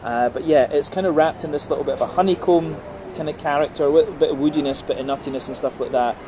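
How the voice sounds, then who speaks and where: A man's voice: fairly high pitch, fast, noisy background. A man giving a casual, methodical beer tasting review, talking through the flavours layer by layer with plenty of ums and uhs. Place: on a brewery visit.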